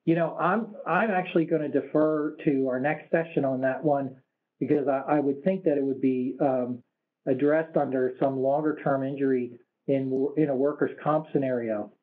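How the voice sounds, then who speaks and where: A man at a mid pitch, slightly hoarse, presents a webinar over a video call. He answers questions carefully, pausing often with fillers and restarting his sentences. The sound is thin and tinny, like a phone line. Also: steady tone.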